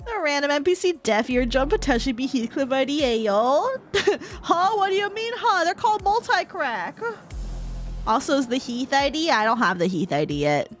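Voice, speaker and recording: A young woman streamer chatting casually over a game, giggling often and swearing freely. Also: high voice. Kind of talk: casual gaming commentary.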